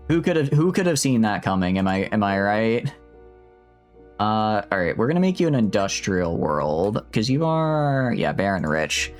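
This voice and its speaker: A man streaming a strategy game, chatting in an animated, rambling, self-mocking way. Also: lowish voice. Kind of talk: casual gameplay commentary.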